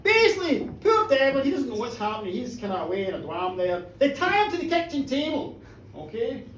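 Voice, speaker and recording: A storyteller telling a comic horror tale live to a pub audience, animated and teasing the listeners. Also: high-pitched, fairly quick, slight background noise. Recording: echoey pub room, distant mic.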